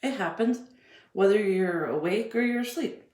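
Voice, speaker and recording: A woman's voice: medium pitch, expressive, moderate pace, a little mellow, reverberant. A woman ranting bluntly and profanely in a heated video commentary. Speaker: vlogger.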